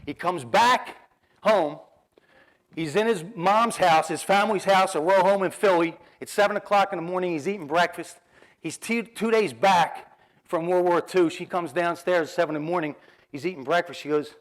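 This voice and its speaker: Animated New Jersey motivational speaker, man. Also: high-pitched, moderate pace. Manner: animated storyteller acting out dialogue, laughing often. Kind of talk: storytelling keynote talk.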